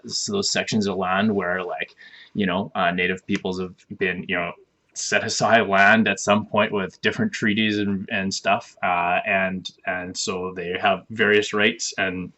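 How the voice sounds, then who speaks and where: Canadian male host, low voice, loose rambling reaction-video talk. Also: flat delivery, a little slow, sharp tone. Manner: rambling, filler-heavy explanations. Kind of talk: casual reaction chat.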